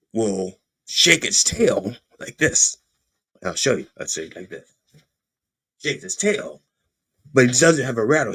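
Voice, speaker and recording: A man hosting a podcast, delivering an animated, profane comedic political rant with frequent stammered restarts. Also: medium pitch, husky. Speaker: podcast host.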